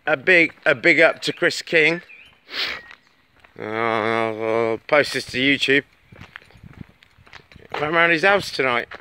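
A man rambling chattily into his phone while walking home on a dark road at night, swearing freely as he talks. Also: medium pitch, slow pace, pauses often, clean tone. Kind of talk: casual vlog monologue. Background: birds tweeting, faint outdoor noise.

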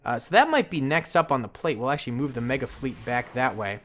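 A man hosting a gaming channel, giving casual commentary on a strategy game and reacting out loud to the action as he plans. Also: medium pitch, fast talker, slight background noise. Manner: excitable, reacts aloud to the action, casual slang; thinks aloud with fillers while planning.

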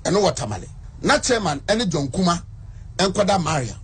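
A man's voice: high voice, very animated, normal speed, slightly rough. A man with a Ghanaian accent recounting events step by step, switching between Twi and English. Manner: plain step-by-step storytelling. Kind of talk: narrated account in an interview clip.

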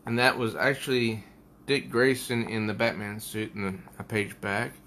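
A man's voice: on the low side, fairly even intonation, normal speed, fairly bright tone, a little hiss or hum. A man giving a casual comic book review at home, rambling and thinking aloud as he pages through an issue.

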